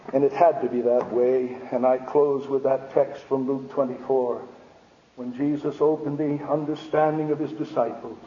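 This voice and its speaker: A male preacher with a notably high voice, driving his points home with fervent emphasis and biting sarcasm. His voice booms through a big church hall with a long reverb. The old recording has a dull, muffled sound. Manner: emphatic, rising to shouts, sarcastic asides. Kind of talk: impassioned sermon.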